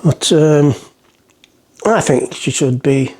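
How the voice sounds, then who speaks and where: A man chats his way through a cooking vlog in his home kitchen. His voice sits a little high, and he rambles, cracks jokes and mutters to himself as he preps the food. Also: normal speed, a little mellow. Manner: rambling, jokey, talks to himself while cooking. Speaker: cooking vlogger. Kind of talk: casual cooking vlog chat.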